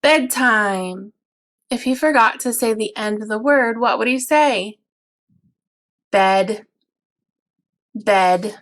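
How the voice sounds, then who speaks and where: Slow, patient woman teaching sounds. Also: fairly high pitch, fairly bright tone. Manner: slow, clear, patient explaining with drawn-out example words. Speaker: early childhood teacher. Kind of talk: instructional video for parents.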